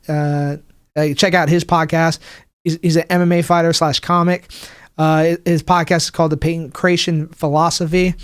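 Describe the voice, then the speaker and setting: A young man hosting his own podcast as a stand-up comic, rambling and swearing, with lots of restarts and "like", acting out other people's lines in a higher voice. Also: clean tone, no room sound, clean studio sound. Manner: acts out people's quotes in a higher voice. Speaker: podcast host. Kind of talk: casual solo podcast rant. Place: home room, livestreaming.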